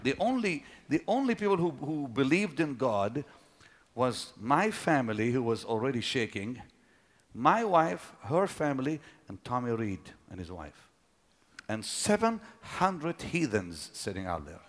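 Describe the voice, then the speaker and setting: A middle-aged preacher telling a personal story in a sermon, dropping to a hush and then rising to shouts. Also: male voice, medium pitch, sing-song, measured pace. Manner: dramatic, swings from hushed to shouting.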